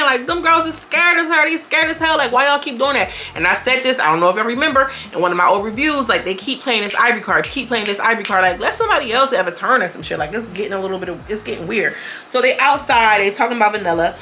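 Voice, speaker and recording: A young woman reviewing a reality TV episode in casual, blunt, profane commentary, switching between storytelling and quick quoted voices. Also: medium pitch, expressive, pushed and bright, a little hiss or hum.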